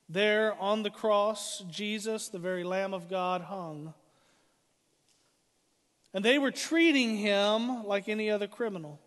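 A middle-aged man preaching a sermon as pastor, dramatic, swinging from loud declarations to hushed lines. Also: high-pitched. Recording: hall reverb.

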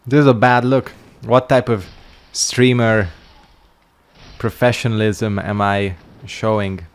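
A man's voice: lowish voice, fairly even intonation, slow pace, clean tone. A male streamer giving casual gameplay commentary, making wry jokes and yawning as he plays. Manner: wry, joking asides while playing. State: sleepy, yawning.

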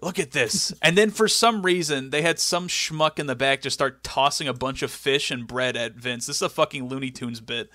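A young man co-hosting a casual comedy podcast, recapping a wrestling show with animated storytelling and goofy impressions. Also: mid-range voice, moderate pace, few pauses, no echo, clean studio sound. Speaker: podcast co-host.

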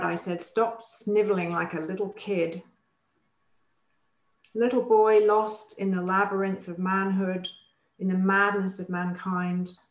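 A woman reads poetry aloud at an unhurried, measured pace, letting each line land before moving on. Her voice sits at an ordinary middle pitch. The recording carries a noticeable roomy echo. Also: dull audio. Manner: slow, deliberate recitation with weighty pauses. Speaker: poet reading aloud. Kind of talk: poetry reading.

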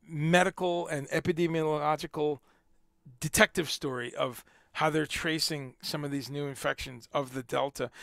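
Guy rambling on his livestream, stumbles over words, gravelly, dry room. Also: on the high side, fairly bright tone, no room sound. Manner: rambling, repeats words, swears. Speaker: livestream host. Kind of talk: casual livestream commentary.

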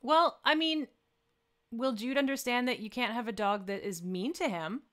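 A woman with a smooth, resonant voice, co-hosting a live stream. She reads out the chat and reassures her friend with sympathy. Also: a little high, normal speed, fairly bright tone. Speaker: co-host reading chat.

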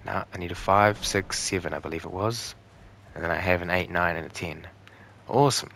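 A man's voice: sits low, a little fast, vocal fry, fairly bright tone, a little hiss or hum. A young man giving joking, profane commentary while playing a game, talking back to the enemies on screen. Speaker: gaming channel host. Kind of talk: let's play commentary.

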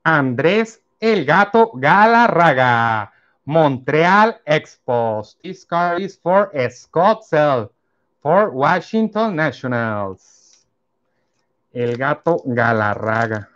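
Slow man reading out baseball cards. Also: a little high, big pitch swings, fairly bright tone, muffled recording. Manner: slow, reads out each card name and team. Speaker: card collector opening packs. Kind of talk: casual card-opening commentary.

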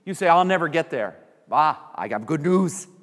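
A man's voice: on the high side, expressive, normal speed, fairly bright tone. A man preaching a sermon as pastor, acting out little voices of the people he quotes. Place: church sanctuary. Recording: church hall reverb.

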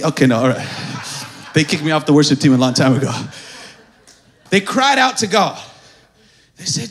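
A male pastor preaching at a church service, swinging from hushed, near-whispered lines to shouted, sing-song climaxes. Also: on the high side, big pitch swings, moderate pace, long pauses, faint music behind, some chatter behind. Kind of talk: sermon.

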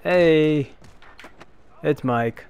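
A young man giving casual let's-play commentary, self-deprecating, with loud frustrated outbursts. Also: fairly high pitch, extremely slow, clear, resonant tone, dull audio. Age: young adult. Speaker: gameplay commentator.

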